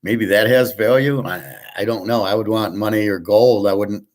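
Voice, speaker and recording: Speaking at a moderate pace in a lowish voice, this host rambles alone about markets and poker, handing out tips. His delivery is opinionated and profane, full of restarts and sarcastic jabs.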